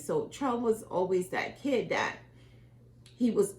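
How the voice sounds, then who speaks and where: A middle-aged mother with a West Indian accent co-hosts a candid conversation with her daughter, telling stories with emotion and animated, acted-out quotes. Her voice is medium in pitch and unhurried.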